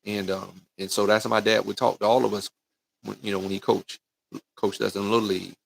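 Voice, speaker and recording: His voice low and creaky with flat delivery, a middle-aged youth football coach talks a little fast in a dry recording. He is livestreaming a folksy, preachy motivational talk aimed right at parents and kids, full of "right?" and "man."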